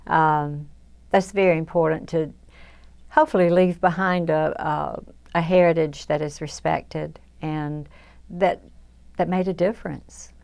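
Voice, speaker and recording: An older woman with a Southern American accent, reflecting in an oral history interview. Her voice sits low and carries a gravelly, creaky texture. She talks in a self-deprecating way, often restarting her sentences and filling pauses with "you know.". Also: fairly even intonation, a little mellow. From south Georgia, US.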